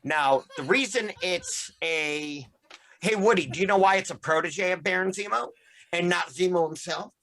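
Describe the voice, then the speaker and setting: Bright-voiced man recapping comics. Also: sits high, moderate pace, a little hiss or hum. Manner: rambling, profane, summarizing comics with laughs. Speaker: podcast host. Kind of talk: casual comic book discussion.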